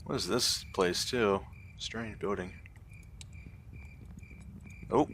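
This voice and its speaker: Bright-voiced man narrating his gameplay. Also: fairly low pitch, very slow, a little hiss or hum. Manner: relaxed, muttering to himself while playing. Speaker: gameplay commentator. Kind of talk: casual let's-play commentary.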